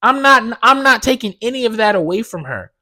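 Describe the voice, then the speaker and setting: A man hosting a casual solo podcast, telling stories in a profane, animated way that swings from loud indignation to low mumbled asides. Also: a little fast, no room sound. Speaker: podcast host.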